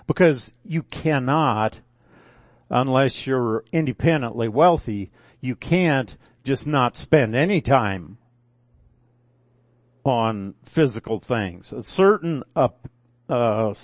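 An older man giving a conversational sermon at a very slow, deliberate pace, drawling through folksy asides and stopping to correct himself. His voice sits at a middle pitch and sounds dry and close, with little room around it. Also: no room sound. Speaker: preacher.

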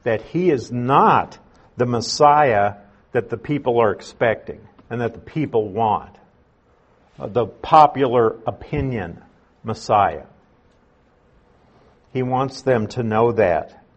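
Speaking at a medium pitch, a man teaches the Bible verse by verse in a relaxed, conversational manner, explaining each point and going over it again.

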